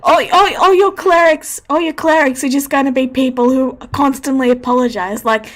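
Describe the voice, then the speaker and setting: A woman's voice: high voice, fairly even intonation, normal speed. A woman playing a tabletop role-playing game, stammering and apologetic in character. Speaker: player.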